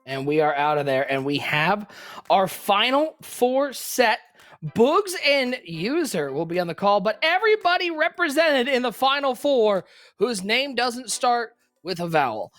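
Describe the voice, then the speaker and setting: A live-stream co-host rambles through casual chat, their voice leaping up and dropping back in an animated, loose way. They sit at a mid pitch and jump between bursts of excitement and quiet asides. Faint music runs in the background. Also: unhurried, no echo.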